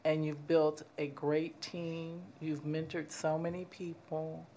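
A woman's voice: low voice, little pitch movement, slow pace, mellow, a little hiss or hum. A woman chairing a public commission meeting, giving an emotional farewell tribute.

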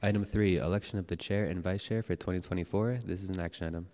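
A man serving as board clerk, calling the roll and reading announcements in a formal, measured way in a city hall chamber. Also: deep voice, steady tone, darkish tone. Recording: echoey chamber with long reverb.

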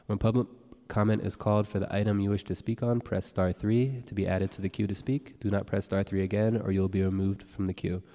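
A low-voiced man reads roll call and public notices at a quick clip, his tone dark and mellow. He is a board clerk who keeps things procedural. The sound carries a long reverb from a large council chamber. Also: flat delivery. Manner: brisk, procedural reading. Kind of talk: reading roll call and announcements.

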